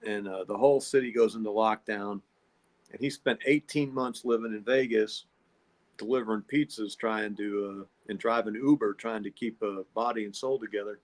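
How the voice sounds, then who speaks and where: A man's voice: lowish voice, steady tone, moderate pace. Folksy rambling man. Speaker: podcast host. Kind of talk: casual storytelling monologue.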